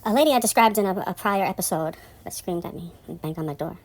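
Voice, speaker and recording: In a rambling, profane monologue, a woman tells a story about her building, growing loud and indignant when exasperated. Her voice is on the low side, expressive and quick.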